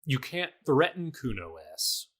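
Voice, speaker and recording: A man's voice: medium pitch, sing-song, a little slow, a bit bright, slightly rough. A man co-hosting a podcast, casually recapping his video game playthrough in a rambling way, full of fillers. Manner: rambling, filler-heavy storytelling. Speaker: podcast co-host.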